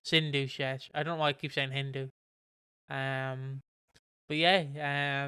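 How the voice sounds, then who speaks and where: A man's voice: mid-range voice, flat delivery, slow pace, pushed and bright, clean tone, no room sound, studio quality. Rambling man on a podcast. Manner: rambling, full of ums and swearing. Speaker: podcast co-host. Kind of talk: casual chat.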